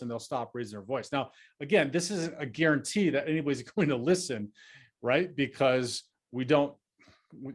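A man hosting an advice podcast, speaking earnestly and reassuringly, with many fillers and restarts. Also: mid-range voice. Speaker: podcast host.

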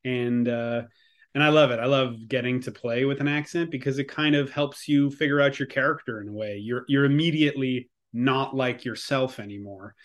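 A man's voice: medium pitch, moderate pace. A Canadian man in his thirties answers interview questions in a loose, rambling way. His voice sits in an ordinary middle register, and his speech is full of small restarts and fillers. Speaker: actor guest. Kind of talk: casual interview chat.

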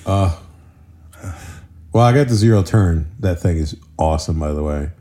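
A middle-aged married man chatting casually on a podcast, rambling through stories and leaping up in pitch when he quotes others. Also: lively intonation, moderate pace, dark tone. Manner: rambling storyteller, jumps pitch for quoted voices. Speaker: podcast co-host. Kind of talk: casual chat.

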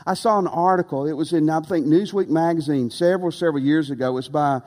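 A man preaching a sermon as pastor, earnest and emphatic, with dramatic pauses. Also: on the high side, a little mellow. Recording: long reverb of a large hall.

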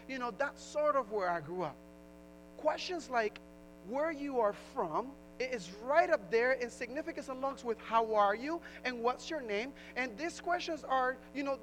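A woman with a high, bright-pitched voice speaks earnestly about her roots. She is from New Jersey and Puerto Rico, and she talks in a reflective, storytelling way, with a faint steady hiss behind her. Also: low-quality recording. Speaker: speaker giving a talk. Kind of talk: personal talk.

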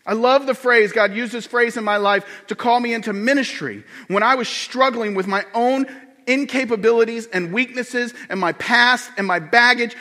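Animated high-voiced man preaching in a hall. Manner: animated, acts out quoted voices with swings in pitch and volume. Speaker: pastor. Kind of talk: sermon.

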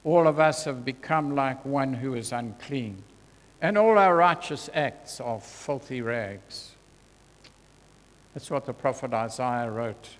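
A man preaching a sermon in a church, earnest and deliberate, his voice dropping soft when he quotes scripture. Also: medium pitch. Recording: long hall reverb.

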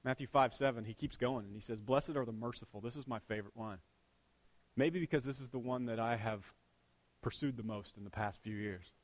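A middle-aged man preaching a sermon, swinging between loud bursts and hushed asides, with a dad's jokes about his daughter. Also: mid-range voice, brisk. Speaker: pastor.

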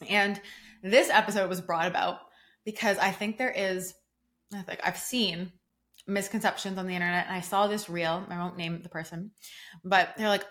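A woman's voice: medium pitch, steady tone, brisk, fairly bright tone. A young adult woman hosting her own podcast as a coach, talking casually and emphatically with many "like" fillers. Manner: casual, emphatic, fillers like "like", acts out quoted reactions. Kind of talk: solo podcast talk.

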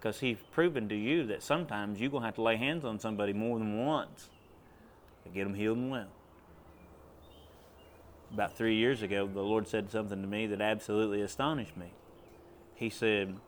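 A man's voice: on the low side, a little fast, pauses often, slight background noise. A man giving a testimony in a sermon, telling a story in a drawling, plain way. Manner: storytelling, drawling, rising to loud commands. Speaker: preacher.

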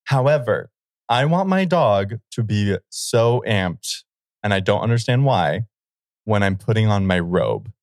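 A man's voice: on the low side, expressive, a little slow, darkish tone, dry recording. A man co-hosting a podcast, telling a rambling self-amused story in casual chat at a close studio mic. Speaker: podcast co-host.

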